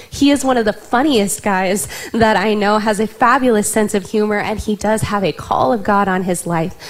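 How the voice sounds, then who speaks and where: A woman pastor introducing a student preacher to a church congregation in a brisk, encouraging way. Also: on the high side.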